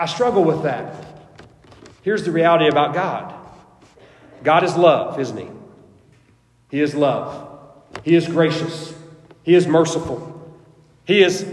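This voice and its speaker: A male pastor preaching a sermon with an emphatic, repetitive cadence, hammering his points again and again. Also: fairly high pitch. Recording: echoey hall with long reverb.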